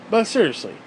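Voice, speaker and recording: A man delivering a heated, profane and sarcastic ranting monologue as a vlogger. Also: noisy background.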